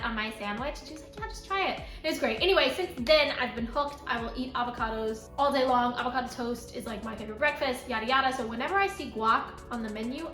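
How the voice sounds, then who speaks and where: A woman's voice: fairly high pitch, sharp tone. A woman in her twenties telling a story-time vlog in a chatty way, full of "like" fillers. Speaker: vlogger. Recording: echoey room.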